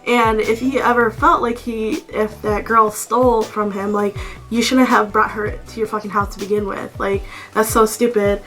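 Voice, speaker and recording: A woman's voice: on the high side, moderate pace, soft background music, rough recording. Annoyed young woman ranting with swears. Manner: animated, swears a lot, heavy "like" fillers. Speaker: vlogger. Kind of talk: storytime vlog, casual rant. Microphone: camera mic.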